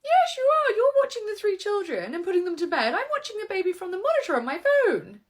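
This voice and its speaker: A woman plays a dismissive mother who waves away every worry in a breezy, sing-song tone. She sits up in a very high, bright register and talks a little louder than the others. Her pitch bounces a lot. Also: very animated, fast talker. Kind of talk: comedy sketch acting.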